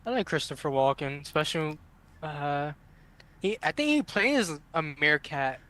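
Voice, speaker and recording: A man's voice: a little high, lively intonation, a little slow, sharp tone. A man playing in a tabletop game, laid back, chuckling between words. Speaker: player. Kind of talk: casual tabletop play.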